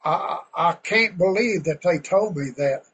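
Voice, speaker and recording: A man preaching a sermon in a folksy, fervent way, now and then getting loud. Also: sits high, unhurried, dull audio, a little hiss or hum.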